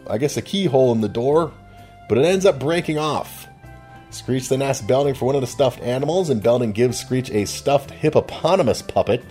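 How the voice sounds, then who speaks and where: A man's voice: medium pitch, lively intonation, normal speed, mellow, faint music behind. A man narrating a TV episode recap casually with chuckling, offhand asides.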